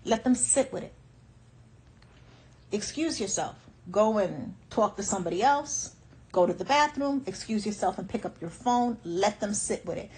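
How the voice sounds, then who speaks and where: A woman's voice: medium pitch, expressive, normal speed, a little mellow, rough recording. A woman life coach giving motivational advice in a firm, emphatic way, often repeating her instructions.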